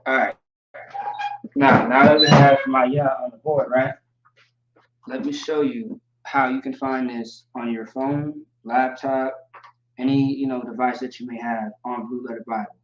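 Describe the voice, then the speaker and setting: A man gives a slow, deliberate livestream lesson, stopping often on fillers as he explains. He sits well back from the microphone, so his voice comes through roomy and distant. The audio has a dull, lo-fi quality. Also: medium pitch, flat delivery, noisy background. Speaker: teacher. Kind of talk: livestream teaching.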